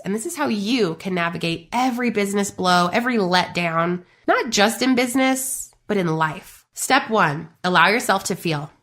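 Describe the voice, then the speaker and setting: A woman in her thirties hosting a faith-based business podcast, talking to listeners in a lively, chatty way. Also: medium pitch. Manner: animated, chatty, addresses listeners as you guys. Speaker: podcast host.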